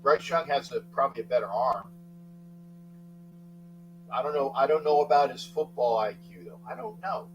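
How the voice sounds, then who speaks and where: A middle-aged man hosting a casual sports talk livestream, rambling, thanking chatters by name and breaking into sudden loud outbursts. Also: mid-range voice, normal speed, long pauses, muffled recording, a little hiss or hum. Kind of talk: casual live chat with viewers.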